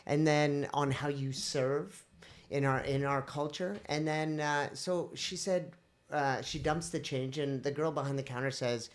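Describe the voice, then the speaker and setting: A woman on a podcast telling a personal story in a casual, animated way, acting out the voices of the people in it. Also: sits low, a little slow. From India. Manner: animated, acts out quoted voices. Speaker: podcast host.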